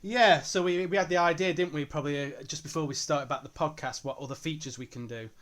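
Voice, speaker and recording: A man, his voice pitched a touch higher than most men's. He co-hosts a casual podcast in an easygoing, chatty way, laughing readily between thoughts. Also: fast, a bit bright. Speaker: podcast co-host.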